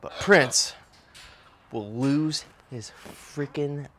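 A man casually vlogging outdoors as he tends his birds, loose and slangy, breaking into a high cooing voice when he talks to them. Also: extremely slow, noisy background. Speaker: vlogger, bird keeper. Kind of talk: casual vlog chat. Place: outdoor backyard cage area.

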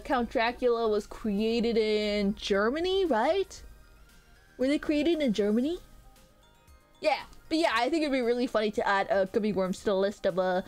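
A woman streaming as a VTuber, chatting casually with her chat in a rambling way full of hesitant fillers. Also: a little high. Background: faint background music.

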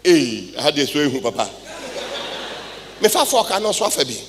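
A middle-aged Ghanaian man preaching a sermon in church, swinging between loud outbursts and hushed asides. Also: on the high side, sing-song, normal speed, noisy background. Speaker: pastor. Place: church hall with congregation. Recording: live church recording with long reverb.

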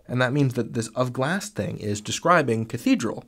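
A man teaching grammar in a relaxed, conversational lesson, enthusiastic and full of fillers and restarts, recorded as a close voice-over. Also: mid-range voice, normal speed, few pauses.

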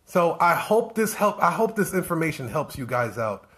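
Very animated and speaking at normal speed, a business coach with a slightly high, somewhat bright voice leads a live-streamed talk. He hammers his message with one rhetorical question after another, circling back over the same phrases with preachy insistence.

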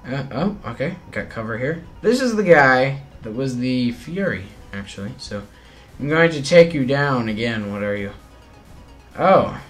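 A man's voice: medium pitch, lively intonation, measured pace, soft background music. A man giving playful, chatty gameplay commentary, talking to himself and to his opponents as he plays. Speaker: mobile game channel host.

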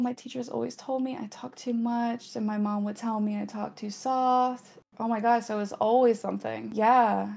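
A woman's voice: mid-range voice, creaky. A woman hosting a casual spiritual chat, reading viewer comments, chatty and encouraging, with plenty of fillers. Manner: chatty, filler-heavy, acts out little quoted exchanges; encouraging, affirming. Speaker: host of a spiritual channel.

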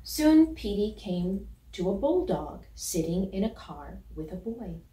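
Slow, gentle woman reading a storybook. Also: medium pitch, sing-song. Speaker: storybook reader. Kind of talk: reading a children's picture book aloud. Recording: roomy, from a distance.

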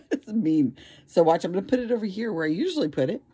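A woman's voice: medium pitch, very animated, fast, dark tone, husky. A woman chatting casually at home while filming her cats, laughing often and talking to them.

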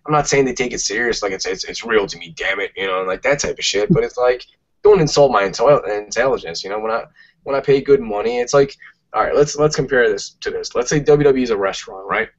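A man's voice: mid-range voice, lively intonation, quick pace. A man, co-hosting a casual podcast, ranting emphatically and swearing a lot. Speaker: podcast co-host. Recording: muffled lo-fi podcast audio.

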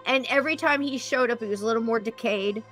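A woman podcast host in casual chat, talking fast and gushing with enthusiasm. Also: on the high side, fairly bright tone, soft background music.

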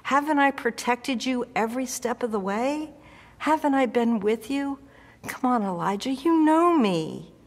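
A woman preacher voicing God as a gentle, loving male figure who speaks kindly to a frightened servant. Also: on the high side, animated, a little slow, in a large hall, voice pushed up. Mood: pleading gently.

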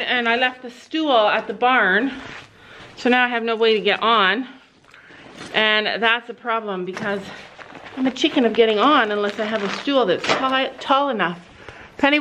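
A chatty mom with a high voice talks casually to a handheld camera outside at a horse barn. She laughs a lot and slips into cooing baby talk with the animals. Faint background noise sits under her voice. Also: sharp tone. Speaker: mom vlogger. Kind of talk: casual vlog chat.

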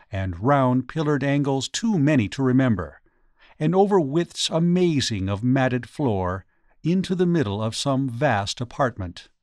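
Man reading a ghost story audiobook, mid-pitched voice, dry close sound. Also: darkish tone, dry recording. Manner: measured storytelling. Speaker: audiobook narrator. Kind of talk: scripted narration.

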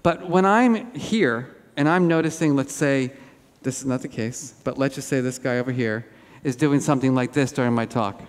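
A man giving a lively conference keynote, telling animated self-deprecating stories on stage. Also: mid-range voice, moderate pace. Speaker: keynote speaker. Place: large auditorium. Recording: hall reverb.

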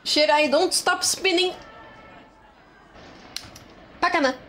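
A woman streaming a video game in casual commentary, excitable, swearing and laughing often. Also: high voice, slow, pauses often, a little hiss or hum. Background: game music.

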